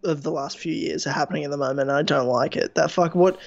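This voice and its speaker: A man co-hosting a casual podcast in a fairly high voice, blunt and sarcastic with plenty of swearing. His mic sounds a little dull and lo-fi. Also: steady tone, quick pace, gravelly. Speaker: podcast co-host.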